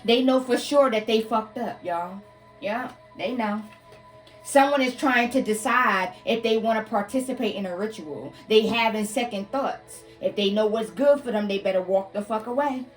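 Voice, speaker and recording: Higher-voiced woman w/ aave doing a blunt cussing tarot reading, kinda off-mic, faint music behind. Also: moderate pace, recorded from a distance. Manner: blunt, profane, addresses listeners as y'all. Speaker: tarot reader. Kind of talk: casual live tarot reading.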